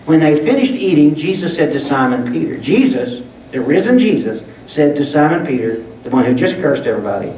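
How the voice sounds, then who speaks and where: A man's voice: on the high side, very animated, fairly quick, hardly any pauses, darkish tone, slight background noise. A man preaching a sermon as pastor, talking in a folksy, conversational way with frequent restarts. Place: church sanctuary. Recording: echoey room, distant mic.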